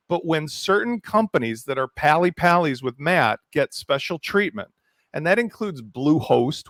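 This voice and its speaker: Gravelly man, fired-up panelist. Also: mid-range voice, a bit bright, dry recording, studio quality. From Ukraine. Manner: passionate, emphatic, declares positions firmly. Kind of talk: heated round-table discussion.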